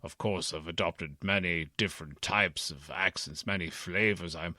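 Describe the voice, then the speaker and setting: A man's voice: low voice, moderate pace, sharp tone, dry recording, studio quality, full character voice. A man voicing a bumbling, self-important old Santa Claus whose accent keeps shifting between Midlands and posh English, rambling and evasive. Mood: pompous rambling. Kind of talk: comedy podcast sketch.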